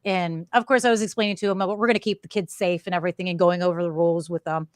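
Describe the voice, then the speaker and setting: A woman guest on a casual podcast, telling lively stories, acting out what people said and laughing often. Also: on the low side, racing, no room sound, clean studio sound. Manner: animated storyteller who acts out quotes and laughs often. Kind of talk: casual chat, storytelling.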